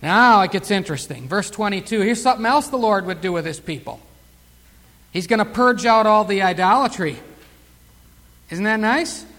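High-voiced fervent preacher man. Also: lively intonation, moderate pace, a bit bright, big-room sound. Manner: fervent preaching, surging emphasis on key words. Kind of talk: sermon.

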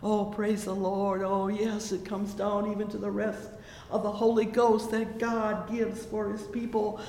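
Man, preacher, slow drawn-out sermon, flat steady pitch, long hall reverb, faint rumble. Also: gravelly. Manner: slow, fervent, punctuated with "oh yes" and "oh my". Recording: echoey hall with low rumble.

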